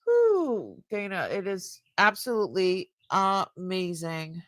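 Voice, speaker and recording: An older woman hosting a live jewelry sale stream, chatting casually and warmly with her viewers. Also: mid-range voice, very animated, slow pace, no room sound. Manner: chatty and warm-hearted, easily moved.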